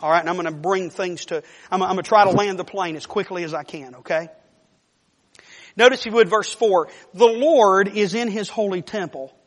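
A man preaching a sermon, telling a Bible story in an animated way and acting out the characters' voices. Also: high voice, normal speed. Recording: long reverb of a large hall.

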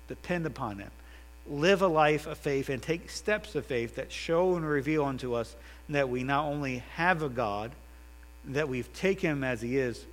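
A man preaching a sermon with rising, emphatic repeated phrases, then leading a prayer. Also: mid-range voice. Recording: long reverb with mains hum.

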